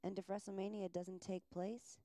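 A woman's voice: mid-range voice, little pitch movement, moderate pace, dark tone, dry recording, natural voice. A woman voicing a scheming businesswoman who offers a revenge deal, speaking coolly and persuasively, with an overloaded close-mic sound.

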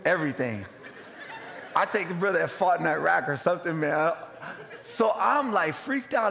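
Animated storytelling pastor in a reverberant hall. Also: male voice, high-pitched, creaky. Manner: animated, dramatic storytelling with call-outs to the congregation. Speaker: lead pastor. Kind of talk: storytelling sermon. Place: church sanctuary.

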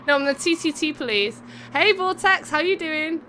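Bright, high-voiced woman streamer. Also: expressive, normal speed, slight background noise. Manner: bubbly, giggly, chats to viewers between calls. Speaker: streamer hosting a racing game event. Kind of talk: live race commentary and chat.

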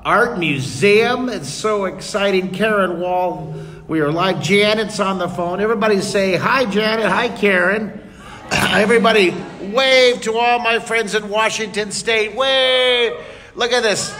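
A man's voice: sits high, sharp tone. A man leading a live drawing lesson for children in a museum, cheering them on enthusiastically. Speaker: art teacher. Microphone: leaning close to camera. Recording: echoey hall, noisy room.

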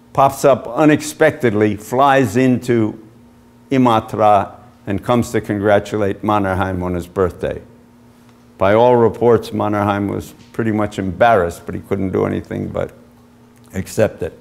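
Low gravelly-voiced man giving a history talk. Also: a little mellow. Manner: measured storytelling, pausing often to point at slides. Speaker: author giving a book talk. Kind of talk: illustrated history lecture.

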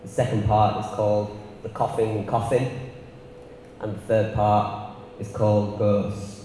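A man with a Northern English accent giving an art lecture, measured and reflective, partly reading from a prepared text. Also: fairly low pitch, flat delivery, warm tone, a little hiss or hum. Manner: measured and reflective, with filler ums. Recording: roomy hall with long reverb.

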